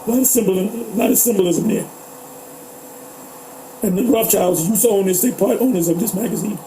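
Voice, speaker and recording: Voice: mid-range voice, a little fast, mellow, slight background noise, poor audio. A co-host talking casually about politics, rambling, swearing and fumbling for words. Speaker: podcast co-host.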